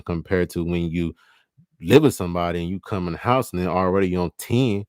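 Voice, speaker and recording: Man, young adult, very low voice, casual profane monologue. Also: steady tone, a little mellow, dry recording, clean studio sound. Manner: loose, profane, acts out both partners in quick quoted bits. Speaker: livestream host.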